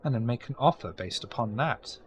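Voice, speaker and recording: A man voicing a courteous, quietly menacing older male vampire necromancer. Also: mid-range voice, animated, fairly quick, a little hiss or hum, voice pushed up, lightly acted. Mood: smooth.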